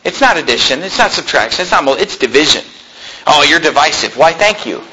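Bright high-voiced male preacher. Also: very animated, quick pace, breathy edge, low-quality recording. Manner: emphatic, conversational and combative. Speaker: pastor. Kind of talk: preaching a sermon.

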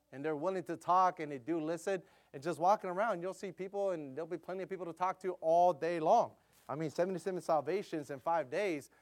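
A man preaching a sermon, telling a missionary story in a loose, conversational way with many fillers, often turning loud and emphatic. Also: a little high.

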